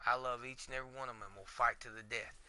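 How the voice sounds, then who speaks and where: A podcast host tells his story in a candid monologue. His voice is very bright and cutting, at a mid pitch. He talks bluntly and swears often, and his delivery stays emotionally raw. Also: fairly even intonation, rapid-fire.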